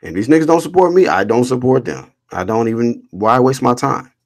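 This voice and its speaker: A man's voice: medium pitch, fairly quick. A man hosting a casual boxing livestream, reading chat comments aloud and answering them in a blunt, slangy, swearing rant. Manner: blunt, animated, reads chat comments aloud and rants back.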